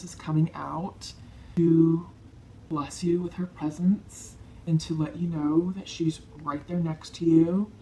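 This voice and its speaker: A woman giving a tarot card reading to her viewers, soft-spoken, emotional and reassuring. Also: low voice. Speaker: tarot reader.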